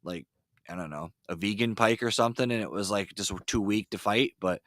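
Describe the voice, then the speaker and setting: A man with a very low voice hosts a relaxed podcast. He rambles through stories with plenty of fillers and gets excited as he retells them. The sound is dry and close. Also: brisk, dry recording. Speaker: podcast host. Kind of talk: casual chat. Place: ice fishing shanty.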